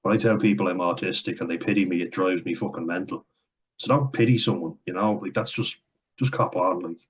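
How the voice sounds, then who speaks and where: A man's voice: sits low, fairly quick, breathy edge. An Irish man talking bluntly and profanely in a casual, sardonic opinion rant for his vlog. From Ireland. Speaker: vlogger.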